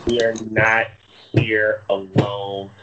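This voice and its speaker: A man's voice: lowish voice, flat delivery, muffled recording, background noise. A man co-hosting a casual podcast over an internet call, teasing and joking as he opens the show. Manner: playful, teasing, drawn-out intros. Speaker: podcast co-host. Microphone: remote call, Skype.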